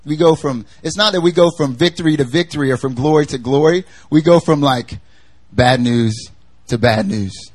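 A man's voice: fairly high pitch, moderate pace. A young man preaching a casual sermon, chatty and jokey, full of fillers as he tells stories.

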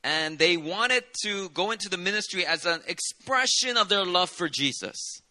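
Bright-voiced man preaching a sermon. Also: sits high, lively intonation, moderate pace. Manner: conversational preaching with dramatic asides and Southern "y'all". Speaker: pastor.

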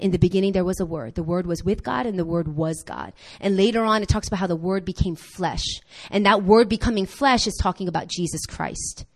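Female preacher, impassioned sermon delivery, highly animated pitch. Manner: impassioned, rising to near-shouts on emphasis; talks straight to the congregation with quick questions.

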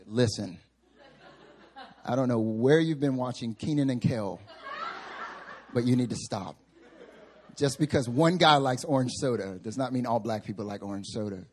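A man's voice: medium pitch, normal speed, pauses often, slight background noise. A male pastor giving a sermon in a church sanctuary, telling humorous, self-mocking stories.

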